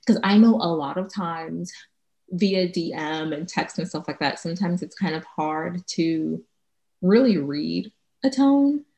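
A woman co-hosting a casual podcast chat, laughing often and animated when she acts out what others say, recorded at home. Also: on the low side, measured pace, creaky, reverberant. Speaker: podcast co-host. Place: home with traffic noise outside.

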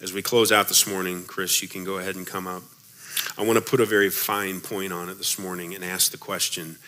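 Earnest low-voiced male pastor preaching. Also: flat delivery, brisk. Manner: earnest, repetitive rhetorical questions. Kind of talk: sermon. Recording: loud music underneath.

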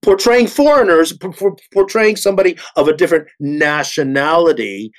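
A man's voice: a little high, lively intonation, moderate pace. A man in his sixties, an actor on a panel, speaking earnestly with many restarts and repeated words. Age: 60s. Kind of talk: panel discussion.

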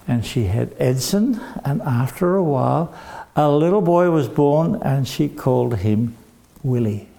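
An older man telling a dramatic story to children, animated and acting out the voices. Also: medium pitch, measured pace, gravelly. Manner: animated, acts out voices with shouts.

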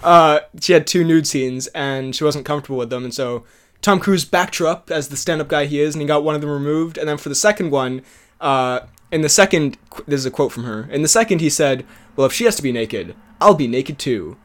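A man's voice: a little high, a little fast. A man co-hosting a podcast in casual chat, talking eagerly about movies and laughing often. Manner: chatty, laughs often, trails off and restarts. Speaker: podcast co-host.

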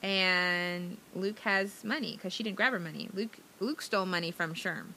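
Woman co-host, casual movie recap, rambling and giggly, bright tone. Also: on the low side, moderate pace, a little hiss or hum. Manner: rambling, chatty, giggly, many fillers. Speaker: podcast co-host.

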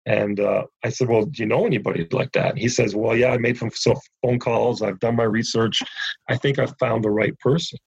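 A man's voice: medium pitch, fairly even intonation, fairly quick, gravelly, slightly rough, dry recording, dull audio. A man from Canada, a ministry founder, telling a story as an interview guest and acting out the quoted dialogue.

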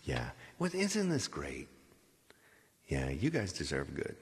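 A man's voice: very deep voice, huge pitch swings, slow pace, gravelly, in a large hall. A man hosting a live online music stream, chatting casually to his viewers in a rambling, chuckly way and repeating himself. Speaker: livestream singer and host.

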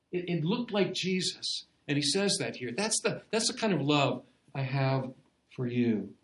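A man's voice: fairly high pitch, echoey room, low-quality recording. A man preaching an expository sermon, earnest, repeating key phrases for emphasis. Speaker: pastor.

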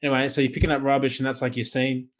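Brief: man, podcast co-host, rapid-fire animated storyteller who swears freely. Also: mid-range voice. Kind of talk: casual chat.

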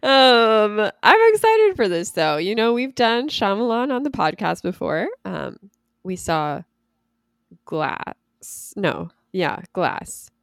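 A woman's voice: mid-range voice, takes it slowly, creaky, no echo, studio quality. A woman co-hosting a podcast in casual chat, laughing often, with a sick voice. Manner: laughs often, lively and chatty. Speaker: podcast co-host.

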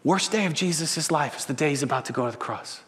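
A man in his thirties preaching a sermon, telling stories with animation and swinging from loud to hushed. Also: fairly high pitch, fast. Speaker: pastor. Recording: long hall reverb.

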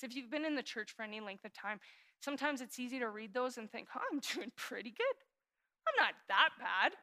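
Woman pastor in her 30s, kinda high voice, earnest sermon, goes soft on the prayers then gets animated. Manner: earnest, confessional, shifting from hushed prayer to animated emphasis.

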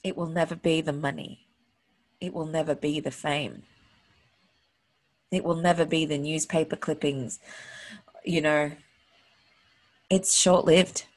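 Host, woman, earnest motivational monologue; husky, lowish voice, openly emotional. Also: steady tone, unhurried, pauses often.

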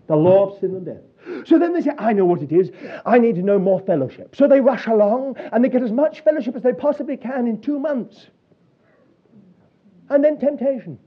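A man preaching a sermon, telling stories with a chuckle in an animated way. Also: extremely high pitch, slightly rough. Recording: dull lo-fi sound.

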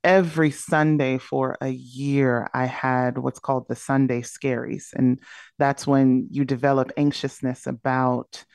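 A woman's voice: rumbling low, little pitch movement, a little slow, vocal fry, darkish tone, no echo, studio quality. A woman speaking as a podcast guest, candidly and reflectively telling a personal story. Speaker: podcast guest, burnout coach.

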